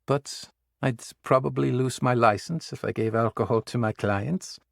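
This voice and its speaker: A man's voice: mid-range voice, normal speed, vocal fry, dry recording, studio quality, natural voice. A man voicing a poised, disarming female psychologist in her late thirties in an audiobook. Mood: brisk.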